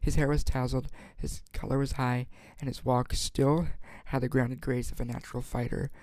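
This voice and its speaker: A man's voice: mid-range voice, flat delivery, darkish tone, no echo. A man reading a novel aloud as an amateur, stumbling and restarting words often. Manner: halting, frequent stumbles and restarts. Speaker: audiobook reader.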